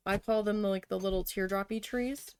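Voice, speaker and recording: A woman's voice: mid-range voice, fairly even intonation, normal speed, clean tone. A woman vlogger chatting casually while she needle felts, telling stories bluntly with a lot of swearing. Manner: blunt, heavily profane storytelling. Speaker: crafting vlogger. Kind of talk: casual storytelling chat while needle felting.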